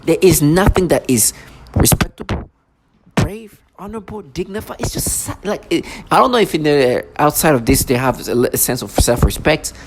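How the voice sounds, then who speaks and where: A man's voice: on the high side, expressive, normal speed. A man in an angry vlog monologue, ranting and agitated, stumbling over restarts. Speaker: vlogger. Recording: noisy recording.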